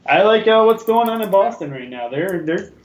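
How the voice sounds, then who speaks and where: A man's voice: high voice, expressive, normal speed, poor audio. A man co-hosting a casual sports picks show, talking in a chatty, rambling way with plenty of fillers.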